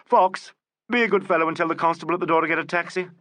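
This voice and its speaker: A man reading the part of a grave, courteous male Scotland Yard inspector with a dry, measured manner. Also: a little high, a bit bright, dry recording, pitched above the performer's own voice, close to an everyday voice.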